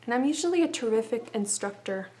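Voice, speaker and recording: A woman's voice: on the high side, expressive, fast talker, warm tone, a little hiss or hum. A woman giving a casual hair-wrapping tutorial, chatty and rambling, a little winded with a stuffy nose, muttering to herself as she works.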